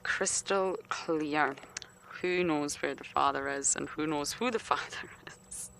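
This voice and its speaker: Gravelly-voiced playful female safari guide. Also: deep voice, slow pace, fairly bright tone. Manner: playful, chatty, lapsing into whispers. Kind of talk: live game-drive commentary. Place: outdoors in the bush. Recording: faint outdoor noise on a live feed.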